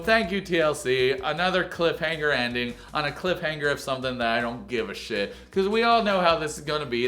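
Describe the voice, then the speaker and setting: A man hosting a comedic reality TV recap, talking in an animated, crude, joking way. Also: a little high. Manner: animated, crude jokes, mocking impressions.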